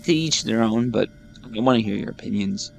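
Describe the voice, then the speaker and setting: Gravelly low-voiced man rambling casually. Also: a little fast, faint music behind. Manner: rambling, self-deprecating, repeats words. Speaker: gaming YouTuber host. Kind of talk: casual chat over gameplay.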